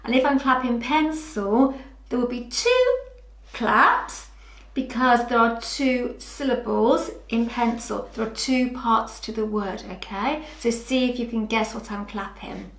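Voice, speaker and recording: A woman teaching a lesson to young children, speaking slowly and clearly in an encouraging, sing-song way. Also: a little high, a bit bright, roomy sound. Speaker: early years teacher.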